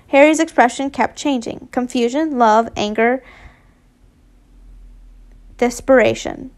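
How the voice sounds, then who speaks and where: A woman's voice: a little high, slow pace, long pauses, a little mellow. A woman casually reading a fanfiction story aloud, often stumbling and correcting herself, with asides. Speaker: fanfiction reader.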